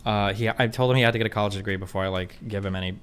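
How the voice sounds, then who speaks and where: A streamer with a lowish voice talks very fast with fairly even intonation, reading chat questions aloud and answering in a blunt, profane, filler-heavy ramble. Slight background noise is audible in this casual chat.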